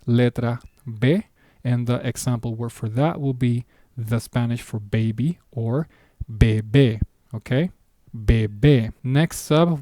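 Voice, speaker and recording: Male language teacher, mellow voice, dry close sound, patient and methodical. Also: medium pitch, creaky, no room sound. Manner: patient, explains step by step, slows down for example words. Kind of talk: beginner language lesson at a whiteboard.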